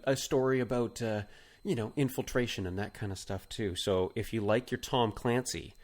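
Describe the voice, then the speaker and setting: Brief: male podcast co-host, low-pitched, rambling comic chat full of restarts. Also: darkish tone. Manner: rambling, halting with many fillers and restarts. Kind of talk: casual comedic chat.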